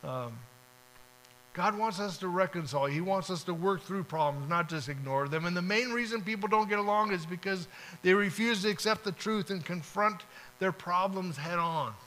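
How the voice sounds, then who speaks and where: A man's voice: sits high, normal speed, bright, forceful tone, a little hiss or hum, rough recording. A man preaching a sermon, talking casually and acting out short prayers and dialogues. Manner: conversational, acts out little prayers and dialogues. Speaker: pastor.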